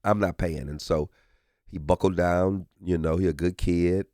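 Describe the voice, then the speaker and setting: A man's voice: low voice, unhurried, no room sound, studio quality. A middle-aged man, a comedian chatting as a podcast guest and acting out his family's voices as he tells stories. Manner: animated storyteller, acts out family voices. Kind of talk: casual podcast chat. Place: podcast studio.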